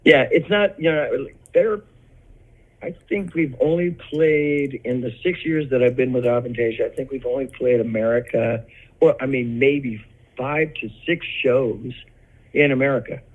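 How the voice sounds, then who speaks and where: An older man with a husky voice tells backstage stories in loose, rambling bursts, often stopping to restart a sentence. His talk is casual interview chat. The audio is dull and lo-fi. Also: mid-range voice, unhurried. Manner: rambling storyteller, many restarts and laughs. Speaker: rock vocalist, interview guest.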